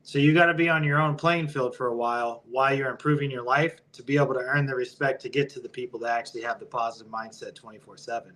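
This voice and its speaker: A man's voice: medium pitch, steady tone, fast, few pauses, fairly bright tone, poor audio. A male podcast guest in casual interview chat, blunt, profane and opinionated.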